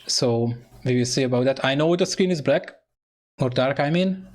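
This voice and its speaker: A man commentating an online sim racing event, excitable and hesitant, with phrasing and lots of fillers. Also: mid-range voice, normal speed. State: out of breath. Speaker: race commentator.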